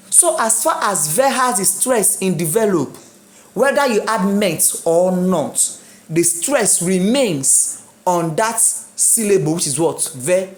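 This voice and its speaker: A woman with a Nigerian English accent teaches an exam-prep lesson in a slow, unhurried way, spelling words letter by letter and repeating them. Her voice sits a little low, and the room around her sounds echoey. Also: a little mellow. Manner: spells out letters and repeats words slowly, asks and answers her own questions.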